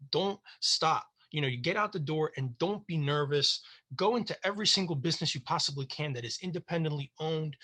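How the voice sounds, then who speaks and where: A man's voice: fairly high pitch, bright, forceful tone. A man giving an unscripted sales testimonial on a call, passionate and blunt, with some swearing and frustration. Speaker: guest sales partner. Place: online group call.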